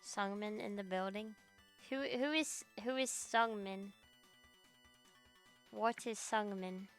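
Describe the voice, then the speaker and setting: A woman's voice: medium pitch, takes it slowly, soft background music. A young woman streaming as a VTuber from her home computer, chatting casually in a rambling, profane, ranting way. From Australia. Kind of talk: casual livestream chat.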